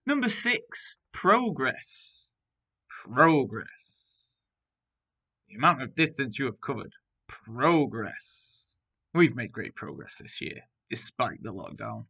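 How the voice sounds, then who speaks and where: A male primary school teacher with a medium-pitched, pushed and bright voice reads out a spelling test. He dictates clearly and deliberately, word by word, giving an example sentence for each.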